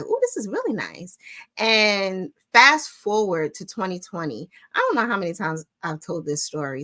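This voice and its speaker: A middle-aged woman hosting a weekly live stream, telling stories in a casual chat and talking straight to her viewers. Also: deep voice. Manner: animated storytelling, warm address to viewers ("y'all"). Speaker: host of a weekly crochet livestream.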